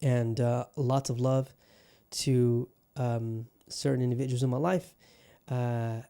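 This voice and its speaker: A man's voice: mid-range voice, fairly even intonation, slow pace, gravelly, dark tone. A man hosting his own podcast in a put-on Southern US accent, talking in a rambling, profane, fired-up way. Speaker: podcast host. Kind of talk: casual solo podcast monologue.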